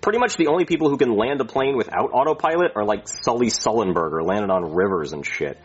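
A man's voice: fairly low pitch, expressive, quick pace, slightly rough. A man voicing a careless, boastful airline pilot who rambles and swears. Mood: cocky. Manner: rambling, cocky, profane. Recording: dull lo-fi recording.

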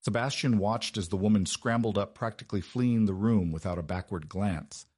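A man with a low, husky voice narrates a period romance in a measured, dramatic manner. The recording is close and dry, with no room sound. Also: darkish tone, no echo. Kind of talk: scripted narration.

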